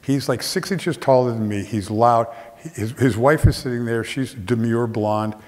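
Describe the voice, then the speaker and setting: A man's voice: mid-range voice, moderate pace. A man telling a humorous personal story on a theater stage, acting out the voices of the people in it. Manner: animated, acts out other people's voices. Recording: long theater reverb.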